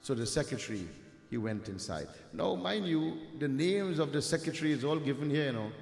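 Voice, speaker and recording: His voice is on the high side and a little mellow, with vocal fry and lively intonation at a brisk pace. This Trinidadian-accented Hindu preacher from Trinidad rhetorically recounts a devotional katha, calling out "my dear friends" and tossing in "huh?" The sound echoes through a hall with long reverb.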